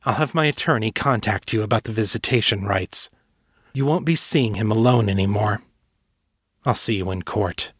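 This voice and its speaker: A man voicing an angry, protective mother who speaks in a sharp, cutting, defiant way in a fantasy audiobook. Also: fairly low pitch, moderate pace, slightly rough, dry recording, studio quality. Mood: cold resolve. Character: fierce protective mother, furious woman. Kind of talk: audiobook character reading.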